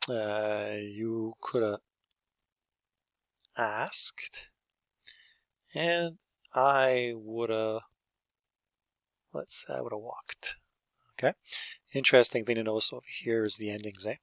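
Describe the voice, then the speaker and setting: Male teacher, slow-paced, bright and gravelly, patient step-by-step explanations. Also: lowish voice, dry recording. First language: French. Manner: explains step by step, checks in with "okay?" and "eh?". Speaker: English teacher. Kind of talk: teaching a grammar lesson.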